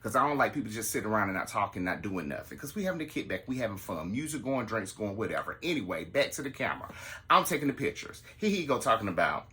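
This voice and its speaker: A man, telling a story to his listeners in a casual, animated way and acting out the quotes. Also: fast. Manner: animated, acts out the quotes in a higher voice. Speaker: podcast host telling a story.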